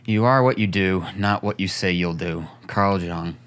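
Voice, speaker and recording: A man co-hosting a casual talk show, blunt and dry, grumbling in a deadpan way. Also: low voice, measured pace, a crowd in the background. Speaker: co-host. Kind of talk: casual banter.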